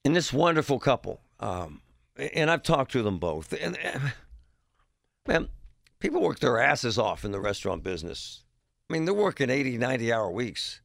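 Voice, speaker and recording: A man's voice: medium pitch, sing-song, moderate pace, creaky, a bit bright, dry recording, studio quality. A man hosting a talk radio show, delivering a blunt, heated monologue. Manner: blunt, heated, emphatic ranting.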